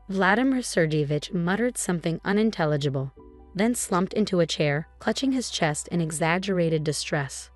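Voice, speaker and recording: A woman reading a scripted story as narrator, with an even storytelling delivery. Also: fairly low pitch, moderate pace, no room sound, soft background music.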